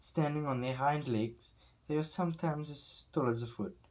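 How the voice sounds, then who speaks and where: A man's voice: a little high, moderate pace, darkish tone, voice pushed up, lightly acted. A man reading the lines of a confident, knowledgeable field biologist who reassures worried parents. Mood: reassuring. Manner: confident, explanatory.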